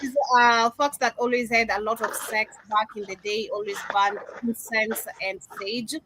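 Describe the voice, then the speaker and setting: Livestream co-host, female, bright and fairly high voice, reads chat with lively asides. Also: moderate pace, slight background noise, low-quality recording. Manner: reads viewer comments aloud, animated asides.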